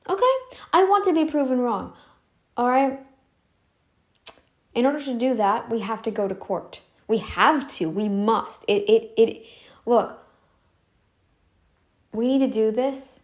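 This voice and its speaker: A woman vlogger talks to camera casually but insistently, repeating herself and drawing out her phrases for emphasis. Her voice is a little high with a darkish tone and lively intonation.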